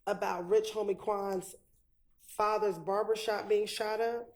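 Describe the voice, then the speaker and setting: A woman prosecutor questioning a witness in a courtroom, methodical and measured. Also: medium pitch, flat delivery.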